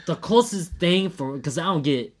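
A man in his thirties in casual chat, telling a story in an animated, slangy way and acting out what people said. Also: a little high, normal speed, noisy background.

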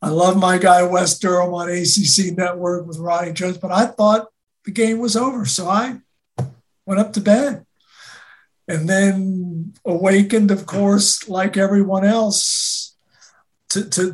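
A college football co-host talking in a deliberate, halting way, often repeating words as they start. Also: medium pitch, steady tone. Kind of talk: casual sports talk.

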